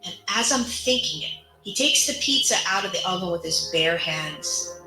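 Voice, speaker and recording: A woman's voice: on the low side, lively intonation, normal speed, music in the background. A woman candidly telling the story of her own life in a personal, conversational monologue. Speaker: survivor sharing her story. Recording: roomy echo.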